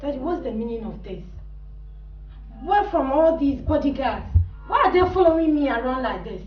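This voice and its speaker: A woman's voice: high voice, very animated, moderate pace, soft background music. An actress with a Ghanaian English accent playing a spoiled, defiant young woman who complains indignantly in a film drama. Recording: echoey room, mic far off, dull sound.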